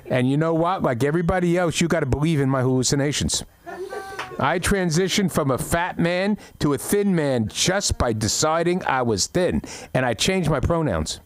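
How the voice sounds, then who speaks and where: A man's voice: a little high, expressive, normal speed. A middle-aged man doing an open mic stand-up set, telling stories with blunt punchlines. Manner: brash storytelling with blunt punchlines. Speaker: stand-up comic.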